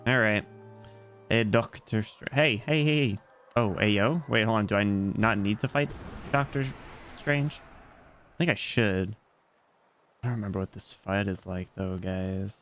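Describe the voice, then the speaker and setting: Gaming on a livestream, a young VTuber jokes with his chat and rambles as he plays. His fairly low voice has a fairly bright tone, and he keeps a measured pace with frequent pauses while faint music plays.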